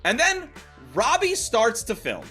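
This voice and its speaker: A man co-hosting a podcast, recapping a film plot in animated, sarcastic casual chat. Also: extremely high pitch, a little slow, faint music behind.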